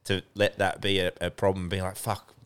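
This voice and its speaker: A man's voice: low-pitched, monotone, fairly quick, fairly bright tone. A young man co-hosting a podcast, explaining his ideas earnestly and enthusiastically in casual conversation. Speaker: podcast co-host. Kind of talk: casual chat.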